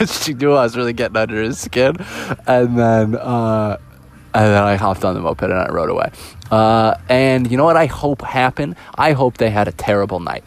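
A young man with a somewhat low voice tells a personal story in a loose, chatty storytime. He talks animatedly and acts out each quoted exchange as he goes. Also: a little fast. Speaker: vlogger. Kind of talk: casual storytime monologue.

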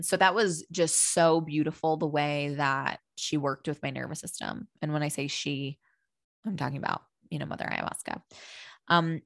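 A woman's voice: low voice, fairly bright tone, no room sound, clean studio sound. A young adult woman, a personal growth coach, talking through her thoughts in an earnest, rambling monologue with casual swearing.

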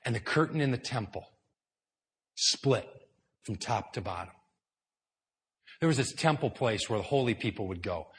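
Dramatic preacher man, hushed to loud. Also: mid-range voice, expressive, normal speed, long pauses. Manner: dramatic storytelling, swinging between hushed and loud. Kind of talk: sermon. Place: indoor church hall with high ceiling.

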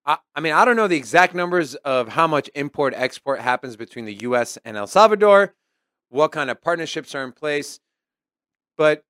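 A man's voice: mid-range voice, fairly bright tone, smooth, no room sound, studio quality. A man co-hosting a podcast in casual chat, questioning and teasing. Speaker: podcast co-host.

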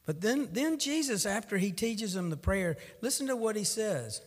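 A man's voice: high voice, big pitch swings, moderate pace, in a large hall. A middle-aged man, preaching a sermon in a folksy, storytelling way that rises to fervent.

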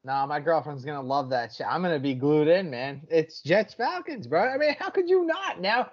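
Man, sports betting podcast host, brash and profane, fairly high voice, slightly dull lo-fi sound. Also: very animated, slightly rough. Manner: brash, swears freely, quick picks talk. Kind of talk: casual sports betting chat.

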